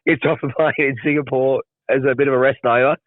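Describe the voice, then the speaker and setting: Fast-talking Australian man, crude banter. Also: medium pitch, steady tone, no room sound, phone-quality sound. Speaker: podcast host. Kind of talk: casual podcast chat.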